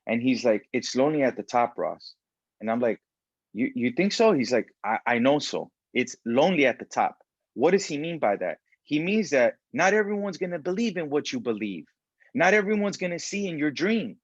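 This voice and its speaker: A man's voice: medium pitch, moderate pace, no room sound. Fervent motivational man, lo-fi sound. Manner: animated, preachy, acts out quoted voices. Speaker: self-help speaker. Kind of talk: motivational talk. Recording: dull lo-fi sound.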